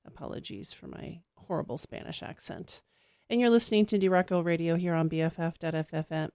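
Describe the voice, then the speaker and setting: A woman's voice: on the low side, fairly quick, mellow, clean tone, dry recording, clean studio sound. A woman hosting a casual radio music show, chatting between tracks with fillers and self-corrections.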